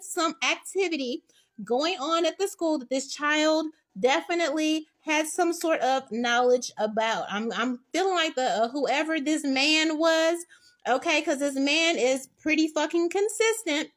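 A woman's voice: sits high, normal speed. A woman giving a casual tarot reading, blunt and profane, acting out little scenes as she talks. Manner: blunt, profane, animated storytelling with acted-out quotes. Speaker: tarot reader.

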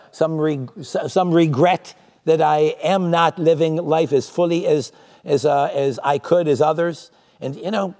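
A man's voice: a little high, creaky, a little mellow, long reverb tail. A male pastor preaching a conversational sermon, often asking rhetorical tag questions. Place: church sanctuary.

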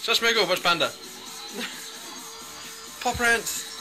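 A woman's voice: on the high side, lively intonation, slow pace, over music. A woman filming at home, laughing, teasing her friend and cooing at her dogs in baby talk. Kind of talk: casual home video chat.

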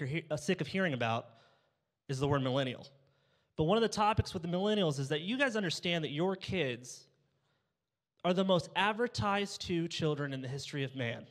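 Young male pastor preaching with humor. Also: on the high side. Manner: humorous storytelling, acts out dialogue. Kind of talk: sermon. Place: church sanctuary. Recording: church hall reverb.

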